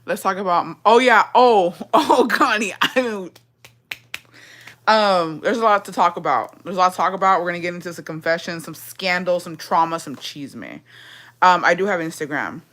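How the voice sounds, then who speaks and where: A woman's voice: fairly low pitch, moderate pace, fairly bright tone. A young adult woman vlogger chatting casually with her viewers in an emotional, rambling way, full of swearing.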